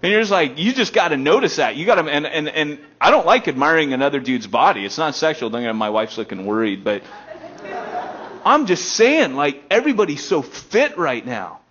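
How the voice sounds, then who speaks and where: Lively American pastor, dull lo-fi recording. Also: male voice, a little fast. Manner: animated, swings between loud excited bursts and low quiet stretches. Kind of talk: casual storytelling sermon. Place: elementary school meeting room.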